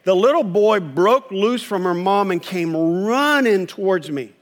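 A man's voice: high voice, animated, a little slow. A man preaching a sermon in a conversational way, acting out quoted voices. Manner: conversational preaching, acts out quoted voices, chuckles at own stories. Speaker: pastor.

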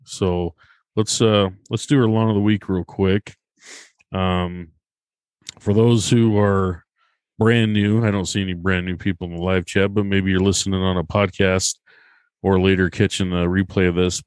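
Male podcast host, low voice, dry close sound, relaxed. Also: moderate pace, clean tone, no echo. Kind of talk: hosting a live podcast.

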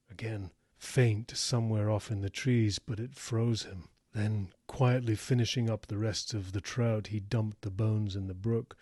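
A man narrating an audiobook in a steady, measured reading. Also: fairly low pitch, slightly rough, dry recording, clean studio sound.

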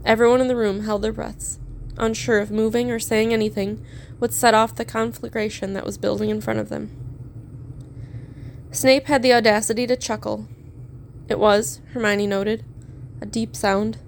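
A woman narrating a story aloud in a steady, measured reading. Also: fairly high pitch, creaky, slight background noise. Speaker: fan fiction reader.

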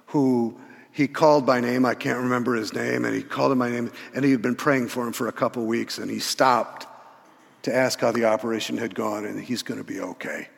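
Gravelly older man preaching in a hall. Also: mid-range voice. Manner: animated storyteller with repeated restarts. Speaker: pastor. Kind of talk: sermon storytelling. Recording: reverberant church hall.

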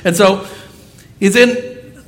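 A man preaching a sermon as pastor, telling stories with lively, acted-out quotes. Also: high voice, very slow. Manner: animated storytelling, acting out quoted voices.

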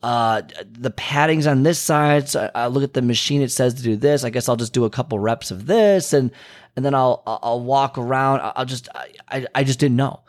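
A man's voice: steady tone, fairly quick, darkish tone. Man, fitness vlogger, chatty and rambling, restarts often, voices quotes. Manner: rambling, self-interrupting, frequent restarts and asides; acts out quoted dialogue with pitch jumps. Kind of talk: casual storytelling monologue.

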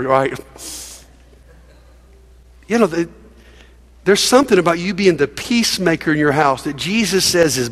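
High-voiced man preaching in a reverberant hall. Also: a bit bright. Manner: emphatic, folksy, with laughs and audience prompts. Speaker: pastor. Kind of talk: sermon.

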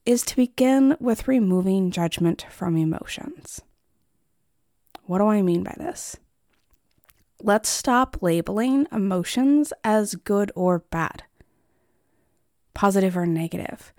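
A woman host of a therapy podcast speaks straight to her listener, whom she calls friend. Her voice sits at a middle pitch. The recording is dry and close, with no room sound. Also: expressive, unhurried, no echo. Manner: warm, conversational, addresses listener as friend. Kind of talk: solo podcast talk.

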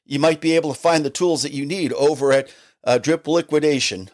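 Middle-aged guy doing his local podcast, rambly and folksy, says you know a lot, voice sits a bit high. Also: a little fast, darkish tone. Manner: reads sponsor plugs in a chatty way. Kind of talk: casual solo podcast talk.

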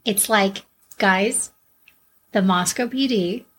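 A woman co-hosting a true-crime podcast, with a husky, mid-pitched voice. She talks bluntly and swears freely. Her delivery is loose and conversational. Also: slow pace, fairly bright tone. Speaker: podcast co-host. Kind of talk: casual true-crime chat.

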